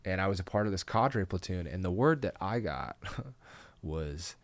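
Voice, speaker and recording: A young man, a comedian guest, telling rambling, profane stories in a casual podcast chat and loudly acting out the voices he quotes. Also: deep voice, expressive, normal speed, dry recording.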